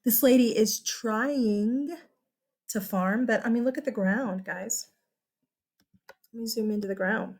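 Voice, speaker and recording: A young woman with a Texan accent, teaching a recorded history lesson in a chatty, animated, exclamatory way. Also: medium pitch, moderate pace, long pauses.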